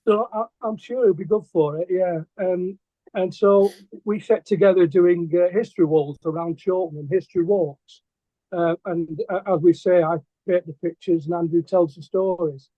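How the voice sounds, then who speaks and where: A middle-aged man with a Lancashire accent tells his stories in a casual interview, halting often with ums and restarts. His voice sits fairly high. The sound is dry and thin, like a phone line. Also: fairly even intonation, no room sound. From England. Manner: hesitant, many ums and restarts. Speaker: guest artist.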